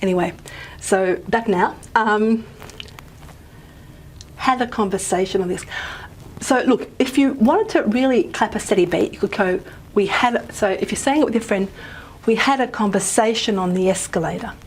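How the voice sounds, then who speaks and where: A woman's voice: medium pitch, moderate pace, slight background noise. A woman giving a pre-recorded linguistics lecture, thinking aloud and dropping to a murmur as she writes on the board. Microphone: microphone she wears.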